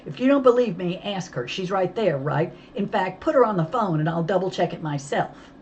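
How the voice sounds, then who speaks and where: A woman voicing a feisty, hot-tempered young girl who talks loud and snappy in a storybook reading. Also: fairly low pitch, animated, moderate pace, highs cut off, slight background noise, voice pushed up, close to an everyday voice. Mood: defiant.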